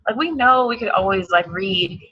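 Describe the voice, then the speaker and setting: A woman's voice: medium pitch, lively intonation, normal speed, slightly rough, muffled recording. A woman giving an emphatic, hyped motivational talk on a team call, repeating her points. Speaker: team coach.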